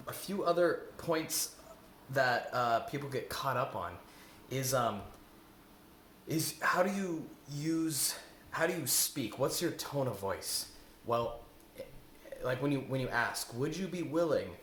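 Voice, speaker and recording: A man's voice: mid-range voice, fairly bright tone, slight background noise. A man coaching viewers in a self-help lesson, earnest and repetitive, often asking rhetorical questions. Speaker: eating coach. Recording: echoey room.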